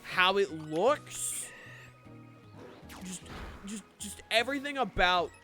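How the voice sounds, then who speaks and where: A man's voice: sits high, animated, takes it slowly, sharp tone, faint music behind. A man streaming a game and chatting casually, rambling with frequent swearing and restarts. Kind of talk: casual chat while gaming.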